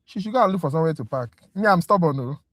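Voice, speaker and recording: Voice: medium pitch, lively intonation, very fast, dry recording. A tutor talking to viewers in a casual livestream review class, ranting with exasperation before moving to the teaching. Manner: exasperated, talkative rant; direct, addresses viewers as guys.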